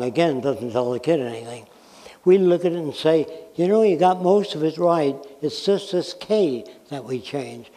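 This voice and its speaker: In a reverberant lecture hall, an American man with a slightly high, warm voice delivers a blunt, emphatic public talk, using examples and questions to make his points.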